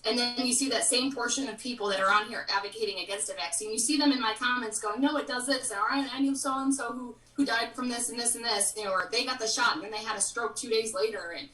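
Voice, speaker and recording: A woman's voice: a little high, steady tone, fast talker, hardly any pauses, pushed and bright, slight background noise. A woman in her thirties, a guest on a casual live-stream interview, speaking frankly and with strong opinions. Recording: roomy, distant from the mic.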